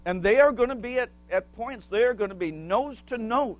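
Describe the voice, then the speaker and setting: A man's voice: very high-pitched, animated. A man preaching a sermon as pastor, explaining a word with small asides and asking the congregation questions. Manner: asks the congregation questions and pauses for answers.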